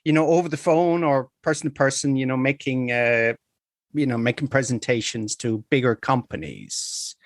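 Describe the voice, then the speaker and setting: A man's voice: mid-range voice, steady tone, moderate pace, dry recording, clean studio sound. A man hosting a podcast, asking rambling, chatty questions full of fillers. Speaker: podcast host. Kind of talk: conversational interview.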